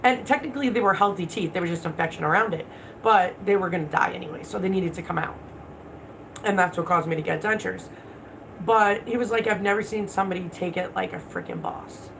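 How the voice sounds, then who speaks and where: A woman's voice: lowish voice, fairly quick, background noise. Blunt, swearing woman livestreaming. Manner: blunt, profane, talks back to viewer comments. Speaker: livestream host. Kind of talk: casual livestream chat.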